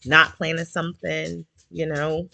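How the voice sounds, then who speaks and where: A woman's voice: low-pitched, level tone, measured pace, creaky, pushed and bright, faint music behind. A woman hosting a casual chat with listeners, speaking candidly and emotionally, a little teary, with many fillers. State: slightly teary. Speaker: community group host.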